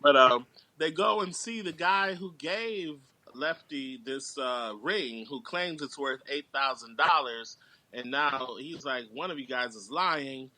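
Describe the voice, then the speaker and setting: A man talking through a film's plot in a casual chat, telling it with animated, character-quoting energy. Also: fairly high pitch, slow pace. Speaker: guest actor and writer. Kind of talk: casual movie review chat.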